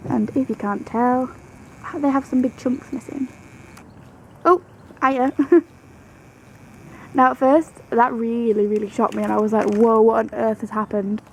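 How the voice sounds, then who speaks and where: This young woman's voice is fairly high and breathy, and she speaks unhurriedly with frequent pauses. In a chatty, affectionate home vlog, she tells stories to the camera about her pet rabbit and occasionally coos to it. The recording sounds rough.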